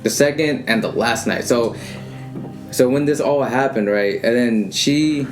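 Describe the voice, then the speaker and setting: Guy telling a creepy story on a podcast, mid pitch, lots of likes and ums, faint guitar music behind. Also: unhurried. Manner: animated, acts out quoted lines, frequent fillers. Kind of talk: casual storytelling chat.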